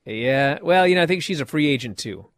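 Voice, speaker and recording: A man's voice: on the high side, brisk, no echo. A man hosting a podcast, recapping wrestling in casual chat and mocking the people he describes with impressions. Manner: animated storytelling with mocking impressions.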